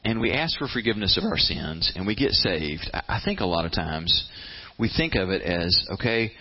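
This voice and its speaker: A man's voice: sits low, sing-song, moderate pace, breathy edge. A man preaching a conversational sermon in a plain-spoken way, often repeating words as he goes and acting out people's inner voices. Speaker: pastor. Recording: slightly muffled, lo-fi.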